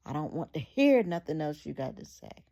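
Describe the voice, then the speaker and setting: A man's voice: mid-range voice, steady tone, slow, creaky. Angry grieving husband, read by a woman. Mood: enraged. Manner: bitter, shouting in rage. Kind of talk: read-aloud storytelling.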